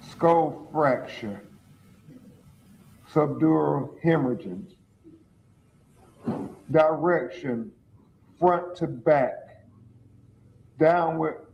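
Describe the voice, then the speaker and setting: Slow, halting man in a dull lo-fi clip. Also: fairly high pitch, vocal fry, a little mellow, a little hiss or hum. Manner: halting, stumbling reading. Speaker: attorney at a press conference. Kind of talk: reading a report aloud. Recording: dull lo-fi clip with faint ambience.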